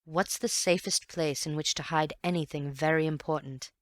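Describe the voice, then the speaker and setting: A woman voicing a calm, thoughtful gentleman detective who speaks in a grave, measured, earnest way. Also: sits low, no room sound, studio quality, natural voice.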